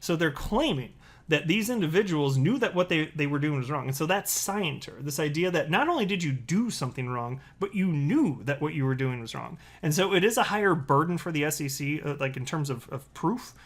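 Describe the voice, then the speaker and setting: A man with a slightly higher-than-usual voice hosts a casual commentary video. He reads tweets and headlines aloud, then breaks off into sarcastic, animated asides. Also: a little fast. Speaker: crypto video host.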